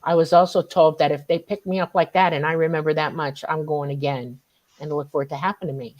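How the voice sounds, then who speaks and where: Animated woman telling a story. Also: a little fast, muffled recording. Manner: excitable, acts out quotes with big pitch jumps. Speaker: guest recounting an experience.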